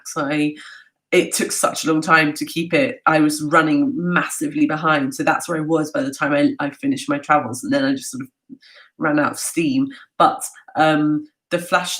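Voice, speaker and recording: A woman's voice: low voice, low-quality recording. A woman talking casually in a live Q&A, chatty and self-mocking, with many fillers and restarts. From half British. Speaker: travel speaker answering audience questions.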